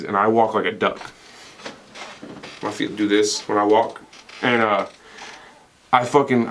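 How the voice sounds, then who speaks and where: A man's voice: lowish voice, fairly bright tone. Young guy rambling and cursing through podcast stories, laughs a lot, faint hiss behind. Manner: rambling, profane storytelling with frequent laughs. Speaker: podcast co-host. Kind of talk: casual podcast banter.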